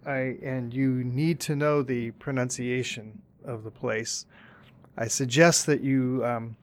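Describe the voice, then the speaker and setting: Male podcast host, middle pitch, halting delivery, tells jokes. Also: steady tone. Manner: hesitant, many restarts, tells jokes. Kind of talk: casual chat and joke telling.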